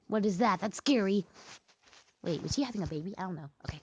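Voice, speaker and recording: A young woman who vlogs about gaming chats casually as she plays, making up songs and suddenly squealing in frustration. Her voice is on the low side, animated and fast, and the audio sounds dull.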